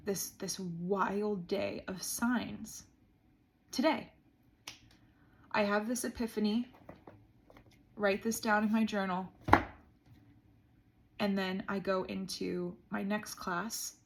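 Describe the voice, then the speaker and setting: A woman's voice: mid-range voice, creaky, a little hiss or hum. A woman vlogger sitting on the floor and talking through her thoughts in a reflective diary monologue. She is earnest and says "like" often. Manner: earnest, frequent "like" fillers. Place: indoors, seated on the floor.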